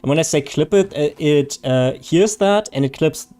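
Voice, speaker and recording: A man's voice: fairly high pitch, normal speed, mellow. Chatty, laughing male game streamer. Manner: chatty, laughs often, loose and joking. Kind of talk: casual live-stream chat, reading chat.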